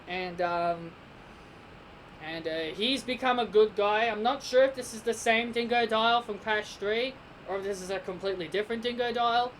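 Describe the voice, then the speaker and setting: A man's voice: high-pitched, fairly even intonation, moderate pace, slight background noise, poor audio. A man with an Australian accent giving a casual spoken game review, rambling and speculating as he thinks aloud.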